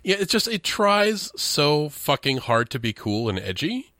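Sarcastic guy, bright lively voice, swears, movie podcast chat. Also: on the high side, unhurried, no echo, clean studio sound. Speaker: podcast co-host. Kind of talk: casual movie review chat.

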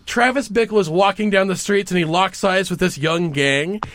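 A man co-hosting a podcast in an animated, casual chat, swearing freely and laughing often. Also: high-pitched, moderate pace.

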